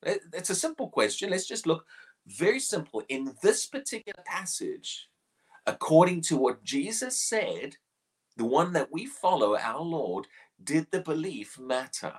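Husky-voiced man preaching a devotional. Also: fairly high pitch, sing-song, measured pace. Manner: earnest, questioning, repeats words when emphasizing. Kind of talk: morning devotional sermon.

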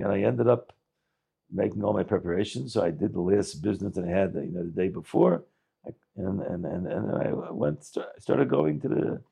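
Gravelly-voiced man telling a Hasidic tale. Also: lowish voice, mellow. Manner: halting, with frequent restarts and Yiddish words. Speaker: storyteller and preacher. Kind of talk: telling a Hasidic story with a moral.

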